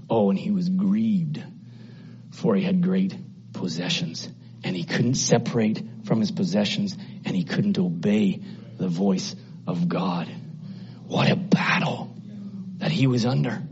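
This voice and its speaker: A man preaching an impassioned sermon, often climbing into high exclamations. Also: unhurried, a little mellow, dull audio, slight background noise.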